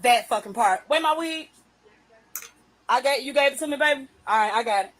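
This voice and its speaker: Woman going off on a phone livestream, cussing, bright sharp voice, high pitched. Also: animated, poor audio. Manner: profane, confrontational, drawn-out emphatic phrases. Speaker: livestream host. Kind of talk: unscripted livestream rant.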